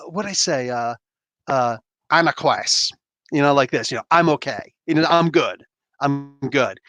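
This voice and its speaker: Animated man telling a story, lively pitch. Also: no echo. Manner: animated, acts out scenes with sound effects and quoted outbursts; filler-heavy, keeps asking "you know what I'm saying". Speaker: livestream host. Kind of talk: casual storytelling to a live audience.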